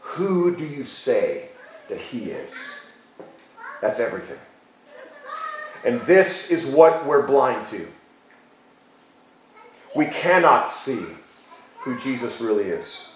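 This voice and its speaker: A man preaching a sermon as pastor, emphatic, repeating key phrases and slowing down for stress. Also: mid-range voice, very animated, a little hiss or hum. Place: church sanctuary. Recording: very echoey church hall.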